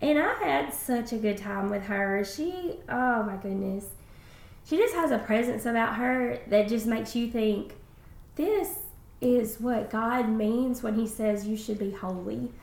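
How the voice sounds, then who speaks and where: An enthusiastic woman co-hosts a faith podcast, speaking from the heart. Her voice is fairly high with a gravelly fry. The recording has a roomy echo. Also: measured pace, darkish tone. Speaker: podcast co-host. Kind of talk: casual faith podcast chat.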